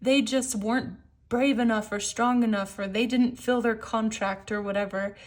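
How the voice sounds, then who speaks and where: A woman's voice: a little high, steady tone, moderate pace, lightly acted. A woman voicing a scheming sea witch villainess in a sly, coaxing, theatrical way. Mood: mock pity.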